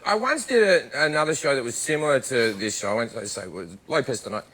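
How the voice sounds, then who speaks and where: A man's voice: medium pitch, lively intonation, fast, fairly bright tone. A middle-aged man with an Australian accent, telling brash comic stories as a talk show guest, laughing and slipping into mock voices. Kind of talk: comic storytelling on talk shows.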